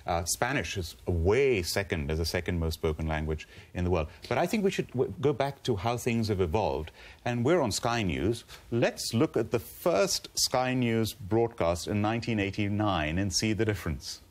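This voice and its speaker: Low, emphatic man on a panel. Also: expressive, moderate pace. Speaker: debate show panellist. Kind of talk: panel debate.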